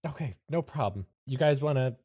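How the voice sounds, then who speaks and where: A man's voice: medium pitch, a little fast, husky, no echo. Joking man player, dry sound. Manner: laughing, joking, lively. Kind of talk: playing a character in a tabletop game.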